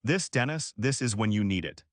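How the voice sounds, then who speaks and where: A man's voice: lowish voice, expressive, moderate pace, no echo, clean studio sound, natural voice. A man voicing an old, fatherly immigrant mentor who speaks in clipped, broken phrases. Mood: earnest advice.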